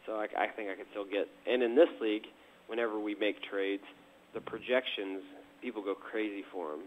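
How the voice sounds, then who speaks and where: Low-voiced tired man on a tinny line. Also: steady tone, a little hiss or hum. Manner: measured, stammers at starts. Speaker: fantasy football show co-host. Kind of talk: casual chat.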